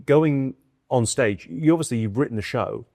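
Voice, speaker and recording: A British man in his own voice, chatting animatedly as an interview guest, with a mid-range pitch. He acts out quoted lines in quick bursts. The sound is close and dry. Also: gravelly, no room sound. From United Kingdom. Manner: quick, lively storytelling with acted-out quotes and bursts of laughter. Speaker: guest comedian. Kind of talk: animated conversational storytelling.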